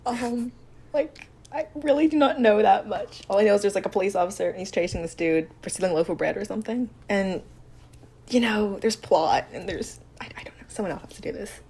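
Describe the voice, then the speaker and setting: A young woman co-hosting a podcast, chatting casually, laughing and trailing off into soft murmurs. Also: medium pitch, fairly quick, husky. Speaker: podcast co-host. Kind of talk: casual chat.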